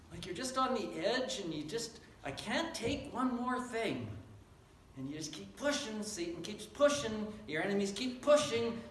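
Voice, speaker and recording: High-voiced man preaching in an echoey hall. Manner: earnest, emphatic, drops low and quiet on key phrases. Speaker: pastor. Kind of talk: sermon. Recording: echoey and distant, faint noise.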